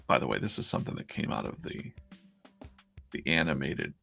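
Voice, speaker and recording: A man's voice: rumbling low, brisk, vocal fry, sharp tone, faint music behind. A man hosting a casual live stream as a comic artist, chatting in a rambling way with many restarts.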